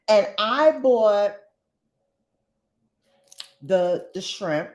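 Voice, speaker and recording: A woman hosts a laid-back chat show in an unhurried, expressive voice. She is slangy and dramatic, and her pitch swings from low grumbles to high exclamations. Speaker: host. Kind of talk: casual chat.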